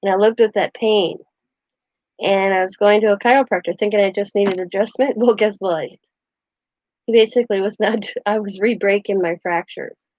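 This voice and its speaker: A woman's voice: mid-range voice, fairly even intonation, moderate pace, a little mellow, no echo, lo-fi sound. A woman hosting a casual craft livestream, rambling through stories and laughing often. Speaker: craft channel host.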